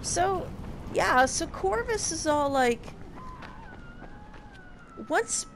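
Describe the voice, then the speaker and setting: A woman's voice: extremely high pitch, big pitch swings, extremely slow, heavy background noise. A young woman casually recapping a game, sarcastic and profane in her exasperation. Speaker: game reviewer.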